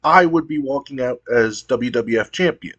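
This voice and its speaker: A man's voice: medium pitch, moderate pace, fairly bright tone, slightly rough, highs cut off. A man voicing a cocky male pro wrestler who is demanding a title shot in brash, taunting questions.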